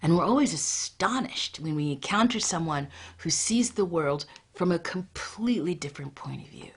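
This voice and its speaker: A woman storyteller telling a folktale and reflecting, often dropping into a hushed, intimate whisper. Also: on the low side, animated, moderate pace, husky. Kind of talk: live storytelling.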